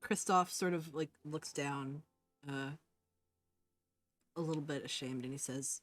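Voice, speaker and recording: A woman narrating as game master of a tabletop game, soft and hesitant, with many fillers. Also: low-pitched, a little slow, long pauses, faint music behind.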